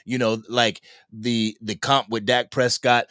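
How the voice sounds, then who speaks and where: A man hosting a live-stream sports fan podcast, talking in a slangy, animated way and reading out comments from the chat. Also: mid-range voice, takes it slowly, smooth, no room sound, clean studio sound. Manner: animated, slangy, laughs often. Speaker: podcast host.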